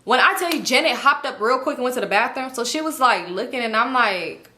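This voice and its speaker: Brassy high-voiced woman telling a storytime. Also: expressive, fairly quick, sharp tone. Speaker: storytime vlogger. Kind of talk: casual storytime vlog.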